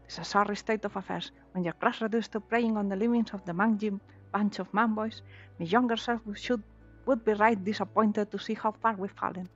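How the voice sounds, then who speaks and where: A woman voicing a brash, foul-mouthed female pirate captain from a video game, with a gruff put-on pirate accent and rolled R's. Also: medium pitch, steady tone, a little fast, dull audio, soft background music, natural voice. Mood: scornful. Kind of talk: reading game dialogue aloud in voices.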